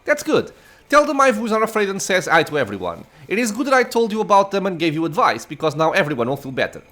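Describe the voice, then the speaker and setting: A chatty young dragon girl brags and chirps her advice with a swooping, lively voice, as a man reads her game lines. She sounds playful and pleased with herself, and the voice sits a little high. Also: fast talker, exaggerated voice. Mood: chirpy. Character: cheerful young female dragon child. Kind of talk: reading game dialogue aloud.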